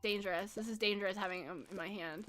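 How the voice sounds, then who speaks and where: A woman's voice: medium pitch, quick pace, fairly bright tone, soft background music. A young woman chatting casually with her viewers while playing a game, giggly and full of fillers. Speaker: game streamer. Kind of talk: casual chat while gaming.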